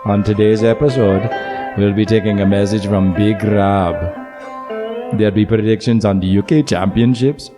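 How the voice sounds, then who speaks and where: A man's voice: lowish voice, steady tone, normal speed, lightly acted. A man voicing a boastful, crude male pipe major who brags about his playing. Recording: loud music behind. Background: loud guitar music.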